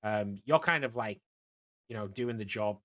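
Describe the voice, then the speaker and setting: A man's voice: lowish voice, normal speed, sharp tone. Man narrating as game master, hesitant. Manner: hesitant, full of fillers. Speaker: dungeon master.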